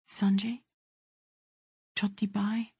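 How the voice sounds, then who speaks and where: An audiobook narrator voicing a defiant young captive girl who speaks softly and tenderly to her brother and with loathing to her captor. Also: mid-range voice, fairly even intonation, measured pace, slightly rough, dry recording, pitched above the performer's own voice. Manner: soft and tender, then venomous.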